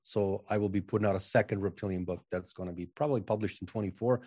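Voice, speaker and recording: Quick-paced and steady in tone, this man's warm, slightly rough voice sits on the low side. He's a channeling coach guesting on a podcast, confident and emphatic in a casual interview, frequently repeating words at the start of sentences, captured in a dry, studio-quality recording.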